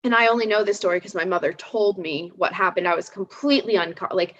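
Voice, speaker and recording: A woman in her thirties, a psychic guest in a casual live chat, telling stories in an animated way with many restarts and fillers. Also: mid-range voice, fast talker. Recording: slightly dull lo-fi sound.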